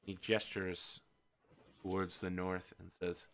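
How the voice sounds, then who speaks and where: Slow-talking man running a tabletop game. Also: fairly low pitch, bright, forceful tone. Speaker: game master and host.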